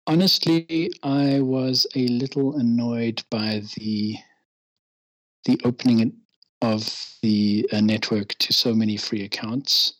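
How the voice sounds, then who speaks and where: A man's voice: mid-range voice, steady tone, slow, no echo, poor audio. A man, a guest in a casual podcast interview, chatty and self-deprecating, given to ranting. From England.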